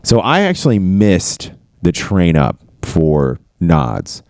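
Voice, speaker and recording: A man casually telling stories from his army career, cursing freely and getting animated. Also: sits low, slow pace, vocal fry, no echo, clean studio sound. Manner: profane, animated storytelling. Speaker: podcast host. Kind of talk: casual storytelling chat.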